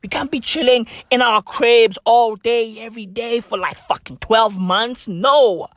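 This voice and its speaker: A woman doing a comedic rant, full of slang and swearing, leaning on "bro" and "bruv", and swinging between shouts and whispers. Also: on the high side, a little slow, no echo, clean studio sound.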